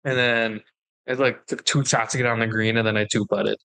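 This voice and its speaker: A man's voice: mid-range voice, level tone, brisk, pushed and bright. A young man co-hosting a podcast, telling a story in casual chat and acting out the dialogue. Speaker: podcast co-host.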